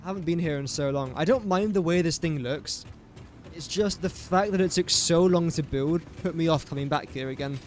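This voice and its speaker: A man's voice: on the high side, normal speed, darkish tone, soft background music. A man talking to himself in casual gameplay commentary, rambling and easily sidetracked. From England. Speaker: gaming streamer.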